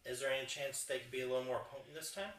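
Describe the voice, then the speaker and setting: A man's voice: mid-range voice, steady tone, racing, fairly bright tone, echoey room, slight background noise. Distant man playing his character. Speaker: player. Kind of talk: in-character tabletop play.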